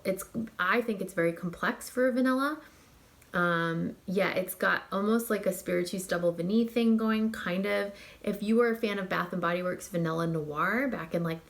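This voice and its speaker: Chatty woman gushing about fragrances. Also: fairly low pitch. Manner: gushing and chatty, many fillers and likes. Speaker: fragrance reviewer. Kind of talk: casual chat.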